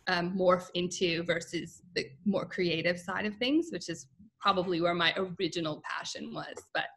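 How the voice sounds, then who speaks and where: A woman's voice: lowish voice, normal speed, fairly bright tone, slightly rough, poor audio. An American woman in her thirties, a guest in a casual interview, chatty and laughing often as she talks. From United States.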